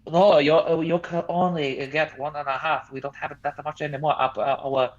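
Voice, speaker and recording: A man's voice: fairly high pitch, little pitch movement, normal speed, muffled recording. A man from Norway, talking crude and sarcastic in casual political banter, rambling with restarts.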